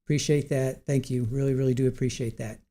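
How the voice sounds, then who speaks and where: A man's voice: mid-range voice, steady tone, fast talker, warm tone. A middle-aged man hosting a livestream, chatting casually with viewers, tired after a long day, giggly, punch-drunk and repeating himself. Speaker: livestream host. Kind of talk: casual chat with live chat viewers.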